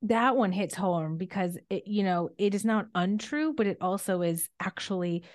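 A woman's voice: mid-range voice, animated, moderate pace. A woman hosting a podcast, speaking enthusiastically with frequent restarts and fillers. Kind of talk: podcast conversation.

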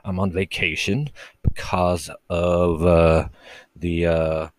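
A man hosting a casual late-night solo podcast from his bedroom, talking low and quietly, rambling and crude and mocking himself. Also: flat delivery, slow pace, no echo. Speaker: podcast host. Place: bedroom at home with the door shut.

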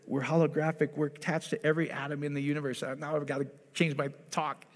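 A male pastor giving a conversational sermon, lively and animated, who keeps checking in with his congregation. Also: fairly high pitch, fast talker, long reverb tail.

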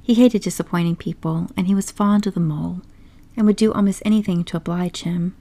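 A woman narrating a classic story aloud in a measured, expressive way. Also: fairly low pitch. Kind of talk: audiobook storytelling.

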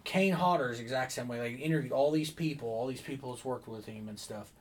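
A man in casual chat, relaxed and steady, often answering with brief agreement. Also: mid-range voice, fast, breathy edge.

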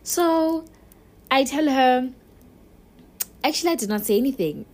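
A woman's voice: sits high, animated, measured pace. A young adult woman telling a personal story to her viewers in a chatty, candid way, talking straight to the listener. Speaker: vlogger. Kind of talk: casual storytelling to camera.

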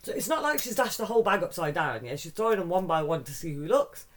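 Animated storyteller, middle-aged. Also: mid-range voice, fast. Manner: animated, mimics voices in stories, swears casually. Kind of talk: casual chat, anecdotal storytelling.

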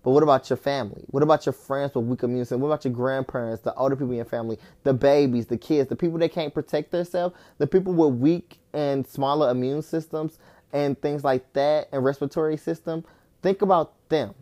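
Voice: medium pitch, fairly quick. Exasperated young podcast host ranting. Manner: exasperated, swears often, heavy filler "like"; rising to loud incredulous outbursts. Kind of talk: casual solo rant.

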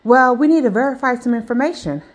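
A flustered, evasive male caller on the phone, as a woman puts him on. He stalls, hums and hesitates in a highish voice. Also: lively intonation, fast talker.

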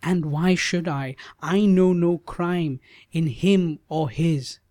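Guy reading aloud as a young princess, earnest and pleading, voice pushed up higher, slow and dry. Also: darkish tone, no echo. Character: young gentle devoted princess.

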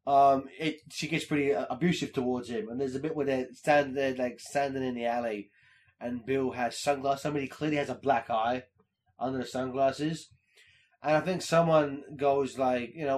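A man chatting casually, retelling scenes with halting speech and fillers. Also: mid-range voice, fairly even intonation, a little mellow. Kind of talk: casual podcast chat.

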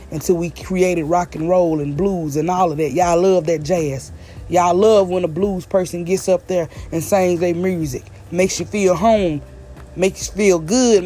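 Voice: medium pitch, a little mellow, slight background noise. A vlogger from the American South with a Southern accent, delivering a blunt, emphatic opinion rant straight to the audience and hammering points home by repeating them. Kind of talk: direct-to-camera opinion rant.

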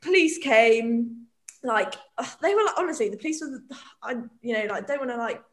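A woman's voice: a little high, animated, normal speed. A young woman telling a story in casual chat, full of "like" fillers and laughing often. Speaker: guest.

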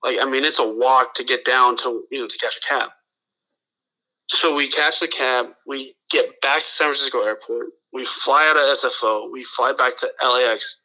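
Telling a long, wandering story as a guest on what sounds like a talk radio show, a man from the Los Angeles area speaks at a moderate pace in a medium-pitched, very bright and sharp voice. The chat is casual and full of profanity, restarted sentences and dialogue he acts out. The audio is poor.

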